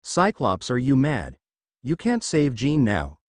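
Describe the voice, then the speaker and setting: An alarmed teleporter hero pleads urgently, read out by a man. Lively pitch in a dry, close recording. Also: slow pace, dry recording, full character voice. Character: frightened blue-skinned male teleporter hero.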